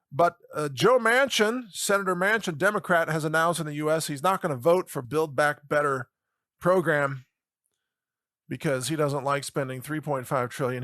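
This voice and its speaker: A man's voice: fairly high pitch, a bit bright, no room sound, studio quality. A middle-aged man giving a sarcastic commentary monologue as a podcast host, mocking and chuckling often between remarks.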